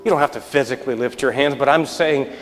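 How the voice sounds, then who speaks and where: In a church sanctuary, a man in his thirties who is a pastor preaches at a quick pace with a medium-pitched voice. He brings a story to life with acted-out lines and lively changes between excited and hushed tones, finishing in a hush. The live-stream audio is reverberant, with faint music.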